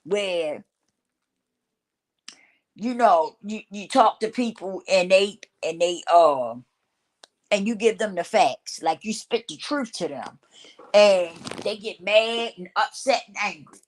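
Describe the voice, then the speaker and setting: A woman's voice: mid-range voice, takes it slowly. A woman vlogger in a blunt, repetitive talking-to-camera rant who swears casually and laughs often.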